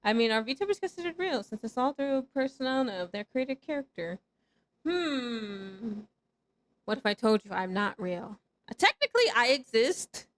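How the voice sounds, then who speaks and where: A woman's voice: fairly high pitch, animated, a little slow. A young woman VTuber chatting casually with her live-stream viewers while gaming, playful and teasing, breaking into squeals and laughter.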